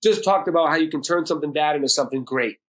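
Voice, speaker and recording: A man's voice: a little high, rapid-fire, fairly bright tone. A middle-aged man from Boston, a podcast guest telling a personal story bluntly with heavy swearing. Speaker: podcast guest, music producer and DJ.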